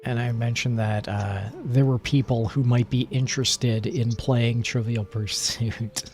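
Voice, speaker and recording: A man chatting casually on a relaxed stream, rambling and joking at his own expense. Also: medium pitch, unhurried, faint music behind. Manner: rambling, playful, self-mocking.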